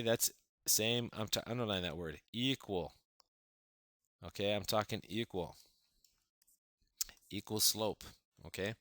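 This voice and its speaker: A man's voice: fairly low pitch, sharp tone, no echo. A man teaching a math lesson, counting through steps with playful, enthusiastic exclamations.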